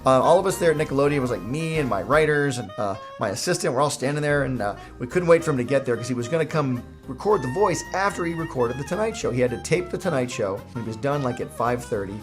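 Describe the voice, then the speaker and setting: A man's voice: mid-range voice, animated, quick pace, hardly any pauses, music in the background. A man, a cartoon creator, telling a jokey, self-mocking story in a casual vlog.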